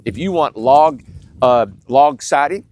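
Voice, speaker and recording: A man's voice: animated, slow pace, a little mellow. A man with a head cold and a nasal voice, giving a casual, folksy sales tour of building lots outdoors on a windy ridge. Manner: folksy, plainspoken, pitching to viewers. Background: wind.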